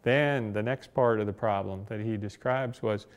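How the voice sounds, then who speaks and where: A man's voice: fairly low pitch, normal speed. A man in his sixties, a disability rights advocate, telling personal anecdotes in an oral history interview with a wry, reflective humor.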